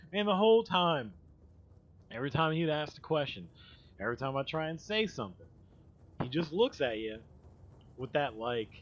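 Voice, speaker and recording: A man's voice: mid-range voice, fairly bright tone. Man, livestream host, rambling profane storytelling, dull lo-fi audio. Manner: rambling, profane, laughing asides. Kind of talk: casual storytelling chat.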